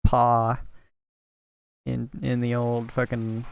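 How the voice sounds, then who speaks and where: A man's voice: mid-range voice, completely flat delivery, slow, gravelly, clean tone. A young man with a slight Southern twang, rambling crudely and laughing through casual gameplay commentary at a home mic. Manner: vulgar, rambling, laughs often. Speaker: gaming YouTuber. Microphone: desktop mic at home.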